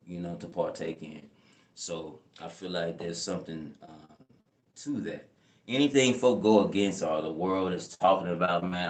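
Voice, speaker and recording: A young man hosting a casual live chat, rambling in laid-back slang and often asking "you know what I'm saying". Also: on the low side. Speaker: channel host answering live chat. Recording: echoey room.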